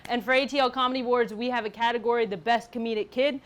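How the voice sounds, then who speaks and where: A woman hosting a live comedy show, introducing acts in an upbeat, slightly halting way. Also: fairly high pitch, fairly even intonation. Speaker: show host.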